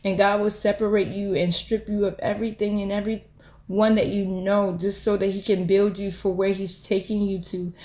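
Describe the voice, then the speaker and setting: A woman's voice: medium pitch, level tone, moderate pace, warm tone, reverberant. A woman hosting her own channel, giving a heartfelt, encouraging prophetic word to camera in an earnest way, often repeating herself and saying "you know".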